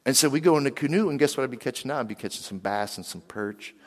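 A man from western Pennsylvania preaching a sermon, lively, and he keeps asking the crowd questions. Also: medium pitch, fast talker. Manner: animated, asks the crowd questions. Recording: long hall reverb.

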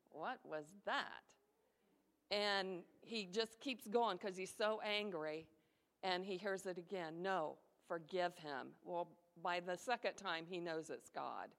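A woman's voice: on the low side, fairly bright tone. A woman retelling a testimony story in a conversational way, acting out the voices of the people she quotes. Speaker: ministry volunteer sharing a testimony. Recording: long reverb of a large hall.

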